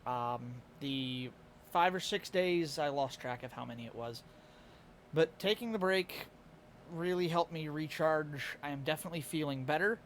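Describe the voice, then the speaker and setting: A man's voice: on the high side, normal speed, a little hiss or hum. A tired man with a Midwestern American accent, chatting casually and laughing often as he streams live to his chat. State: a little tired.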